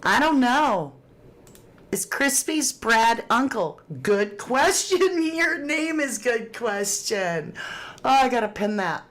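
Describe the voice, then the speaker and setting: Speaking slowly, a woman with a fairly high, expressive, rather bright voice hosts a relaxed true crime livestream. She laughs frequently while chatting and reading out comments from viewers.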